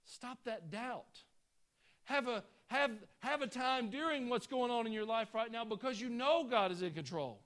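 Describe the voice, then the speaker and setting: A man preaching a sermon with passion, swinging from loud bursts to hushed, quiet passages. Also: extremely high pitch, expressive, a little slow. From United States.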